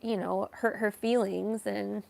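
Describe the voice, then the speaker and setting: A woman telling a personal story in a casual vlog, slow and hesitant, with many fillers and some self-reproach. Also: mid-range voice, steady tone, vocal fry, a little mellow. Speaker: vlogger.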